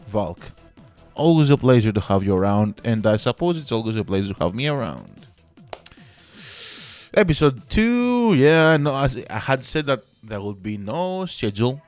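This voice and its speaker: A man's voice: lowish voice, very animated, moderate pace, darkish tone, soft background music. A man hosting his own show in a casual monologue, theatrical and jokey, swearing freely, speaking into a home mic. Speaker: podcast host.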